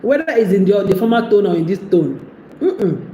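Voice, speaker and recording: A woman's voice: medium pitch, animated, normal speed, mellow. A woman giving casual relationship advice, chatty and laughing often as she acts out what a partner might say. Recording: echoey room with faint background noise.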